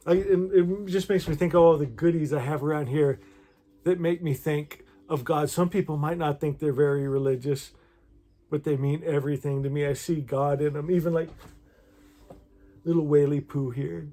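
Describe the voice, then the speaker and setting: A man talking warmly to his viewers and reading devotional poems aloud in a gentle, emotional, effusive way. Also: on the high side, steady tone, moderate pace. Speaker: spiritual vlogger. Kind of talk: heartfelt talk and poetry reading to viewers.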